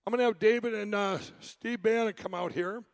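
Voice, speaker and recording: High-voiced man hosting excitedly. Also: fairly quick, gravelly. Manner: rambling, excitable, pointed. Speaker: event host. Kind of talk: live presentation to an audience.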